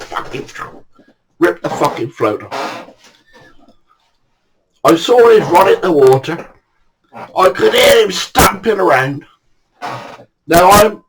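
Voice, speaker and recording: A man's voice: fairly high pitch, slightly rough, poor audio. An older man, casually telling anecdotes in a blunt way, swearing freely. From England. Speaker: storyteller.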